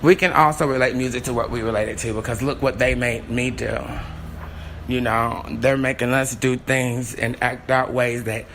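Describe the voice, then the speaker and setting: Excitable man hosting a rambling podcast. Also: mid-range voice, normal speed, a little hiss or hum. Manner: excitable, scattered, heated. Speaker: podcast host. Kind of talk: rambling solo podcast monologue.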